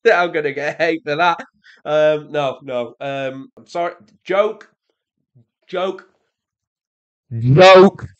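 A young man with an English accent, chatting casually as he reacts to comments, sarcastic and prone to exasperated high-pitched rants. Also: fairly even intonation, unhurried, clean tone, lo-fi sound. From England. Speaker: reaction video creator.

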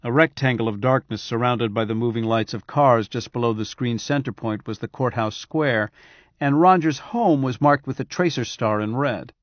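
A man's voice: medium pitch, normal speed, no echo. Man narrating an audiobook, dry and muffled. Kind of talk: scripted narration.

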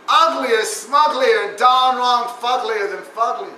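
A very high, bright-toned man speaks as a god in a stand-up rant. He chants looping rhymes, repeats lines and jeers with profanity. He sounds far from the mic in an echoey room with faint noise. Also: unhurried. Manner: preachy, profane and jeering. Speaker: stand-up performer. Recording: roomy echo, distant mic, faint noise.

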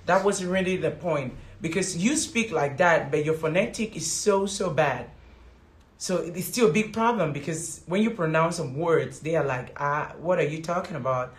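A woman's voice: low voice, expressive, moderate pace. A woman from Africa, a teacher giving casual advice in a rambling way, repeating words and using many fillers. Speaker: English teacher and vlogger. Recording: roomy echo.

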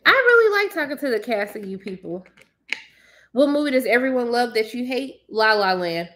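A young woman chatting casually to her viewers, blunt and sassy, ranting with animated emphasis. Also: a little high, moderate pace. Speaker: movie commentator.

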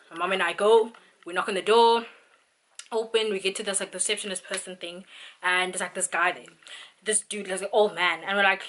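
A woman's voice: medium pitch, steady tone, quick pace, fairly bright tone. A young South African woman vlogging, ranting in an exasperated way with lots of fillers. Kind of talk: venting vlog monologue.

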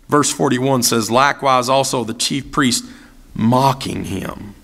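A man's voice: mid-range voice, a little slow, vocal fry, fairly bright tone. A man preaching a sermon as pastor, asking repeated rhetorical questions and acting out the voices of people he quotes. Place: church sanctuary.

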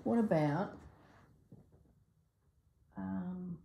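A woman hosting a sewing vlog who thinks aloud as she works, musing to herself in a soft, half-whispered voice. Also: fairly low pitch, drawn-out words, vocal fry, heavy background noise. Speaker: sewing channel host.

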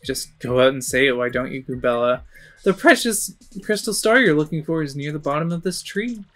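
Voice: medium pitch, lively intonation, fairly quick, fairly bright tone, natural voice. A game streamer voicing a sly, flirtatious female mouse thief in a coy, teasing tone, over a game's music.

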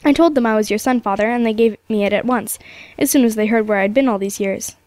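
A woman voicing a grave, quiet middle-aged sailor returning home in a storybook reading. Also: fairly high pitch, fast, no room sound, lightly acted. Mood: earnest. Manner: quiet, restrained.

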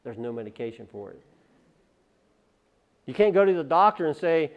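A man preaching to his church in a fairly high voice. He swings from loud, impassioned rhetorical questions to quiet asides. He often repeats and restarts his words. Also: big pitch swings, moderate pace, pauses often, dull audio. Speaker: pastor. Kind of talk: sermon.

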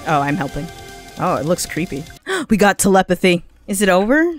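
A woman's voice: lowish voice, sing-song, moderate pace, soft background music. A young woman streamer casually commentating a game, swearing, laughing and reading game text aloud.

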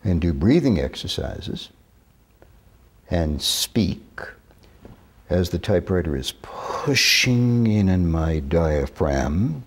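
A man in his sixties from New York, telling stories in an interview with measured, deliberate, careful diction. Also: low-pitched, very animated. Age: 60s. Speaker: interview guest. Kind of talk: reminiscing interview talk.

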